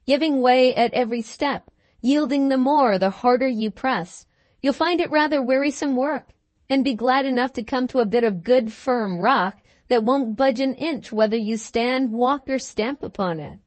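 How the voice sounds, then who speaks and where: A woman's voice: high-pitched, normal speed, no room sound, close to an everyday voice. A woman voicing a bluff, hearty young husband in a storybook, jovial and teasing. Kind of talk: storybook dialogue.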